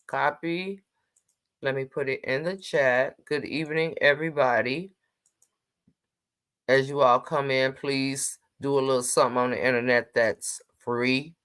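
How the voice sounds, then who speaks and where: Low-voiced woman hosting a casual livestream. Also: steady tone, unhurried, a bit bright. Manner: chatty, teasing, greets viewers by name. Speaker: livestream host.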